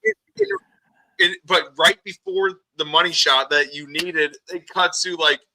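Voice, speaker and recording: A man's voice: on the high side, steady tone, measured pace, pushed and bright, slight background noise, low-quality recording. A man co-hosting a casual podcast, telling crude, joking stories. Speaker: podcast co-host. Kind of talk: casual chat.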